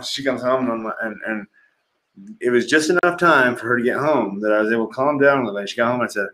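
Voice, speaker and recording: A man's voice: mid-range voice, fast, sharp tone. A middle-aged man, a podcast guest, telling candid and profane personal stories in a casual conversation, laughing often. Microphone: livestream podcast mic.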